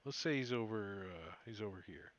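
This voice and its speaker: A man's voice: fairly low pitch, animated, normal speed, muffled recording. A man narrating a tabletop game as game master, casual with many fillers.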